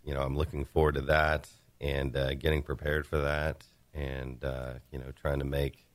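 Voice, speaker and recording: A man talking in a casual group chat, hesitant, with many pauses and restarts. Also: a bass voice, little pitch movement, no echo. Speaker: guest.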